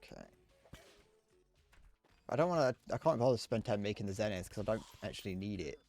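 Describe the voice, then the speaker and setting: A young man with a lowish voice chats casually over his gameplay. He rambles, restarts his sentences often and chuckles along the way. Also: animated, brisk, darkish tone, soft background music. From Britain. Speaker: streamer.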